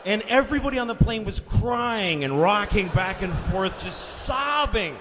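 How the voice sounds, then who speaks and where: Man, stand-up comedian, high voice, very lively pitch, shouts punchlines, profane, reverberant live venue, faint hiss. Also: unhurried. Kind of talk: stand-up storytelling.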